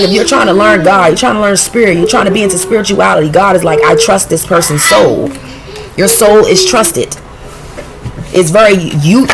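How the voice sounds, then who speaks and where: A woman giving a casual intuitive tarot reading, blunt and profane, talking in a streetwise, animated way. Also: medium pitch. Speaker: tarot reader.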